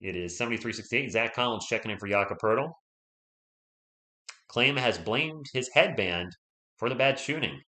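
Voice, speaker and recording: A man hosting a live stream, giving casual play-by-play commentary, chatty and excitable, and talking straight to his viewers. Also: mid-range voice, normal speed, pauses often. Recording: echoey room.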